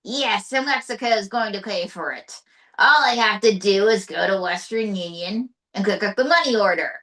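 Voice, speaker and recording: A woman's voice: mid-range voice, normal speed, a bit bright, recorded from a distance, lightly acted. Woman doing a smug boastful male president. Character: blustering boastful male president, crude jokes.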